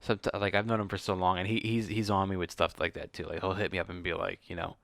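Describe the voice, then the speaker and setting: A man hosting a podcast in casual chat, quick and full of fillers and restarts. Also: sits low, flat delivery, creaky, a bit bright, no room sound. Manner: fast, full of fillers, restarts, and acted-out quotes. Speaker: podcast host.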